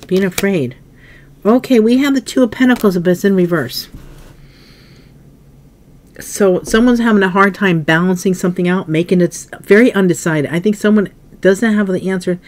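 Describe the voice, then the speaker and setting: A woman giving a casual tarot reading, musing aloud as she turns cards, often coughing and clearing her throat. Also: lowish voice, darkish tone, slight background noise. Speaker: tarot reader.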